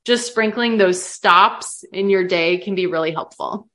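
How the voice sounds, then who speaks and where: A young woman from the American Midwest guests on a casual podcast. She talks openly and chattily, sprinkling in likes and ums, in an ordinary middle pitch. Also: a little slow, fairly bright tone.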